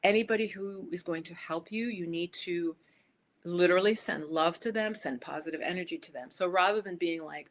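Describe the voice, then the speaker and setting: A woman's voice: on the low side, fairly quick. A woman life coach giving a casual, chatty motivational talk, speaking directly to her viewers.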